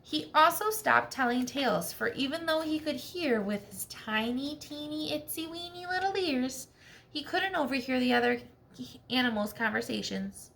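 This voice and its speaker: A woman teacher reading a storybook aloud to children, expressive and checking in with questions. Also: sits high, moderate pace, gravelly.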